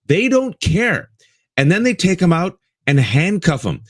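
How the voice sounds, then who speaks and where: This co-host of a live political talk show has a high, very animated voice but takes his time, recorded in studio quality with no room sound. He gives fired-up commentary, addresses the audience as folks, and repeats lines to drive points home.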